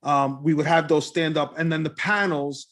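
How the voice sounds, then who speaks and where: Brief: man, slightly high voice, applicant at a planning board, earnest, stumbles and restarts, keen to please. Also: steady tone, normal speed, fairly bright tone. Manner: earnest, eager, many restarts. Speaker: applicant presenting a restaurant design. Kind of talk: presentation at a public meeting.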